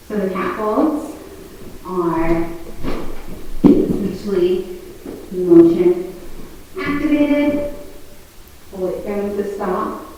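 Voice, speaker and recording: A young woman hosts a casual ghost-hunting vlog from inside an old manor, talking at an unhurried pace. Her voice bounces around a very echoey room. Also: mid-range voice, warm tone. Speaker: paranormal investigator and vlog host. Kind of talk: casual vlog chat and ghost-hunt narration.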